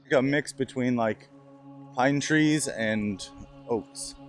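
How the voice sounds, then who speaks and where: Male travel vlogger, slow easy pace, narrating his walk into a handheld camera. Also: mid-range voice, over music. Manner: chatty, narrating what he sees as he walks. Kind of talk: casual vlog commentary while walking.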